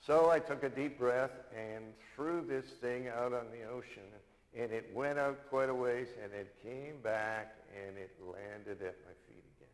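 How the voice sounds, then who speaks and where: A man's voice: mid-range voice, measured pace. Older male minister in a reverberant hall. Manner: storytelling, repeats key lines for emphasis. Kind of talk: sermon.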